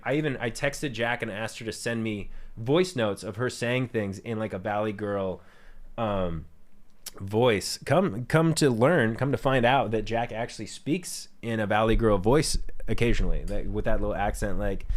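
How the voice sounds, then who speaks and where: Low-voiced man chatting candidly on stream. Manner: candid, rambling, swears freely. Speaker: streamer and musician. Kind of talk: casual livestream chat.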